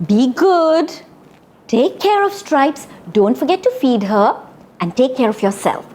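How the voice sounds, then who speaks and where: A woman's voice: high-pitched, sing-song, unhurried, darkish tone, full character voice. A woman voicing a fond, reassuring mother sending her child off. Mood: tender. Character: loving working mother.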